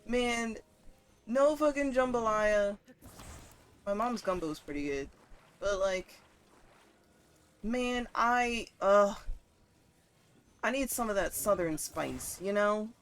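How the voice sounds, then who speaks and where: A woman streamer chatting casually and profanely while she plays a game, getting worked up and loud at times. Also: mid-range voice, takes it slowly, pauses often. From northern United States. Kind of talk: casual gaming stream chat.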